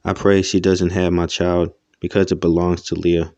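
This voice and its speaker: A man narrating a first-person audiobook in a steady, monotone reading. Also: sits low, moderate pace, dry recording, dull audio.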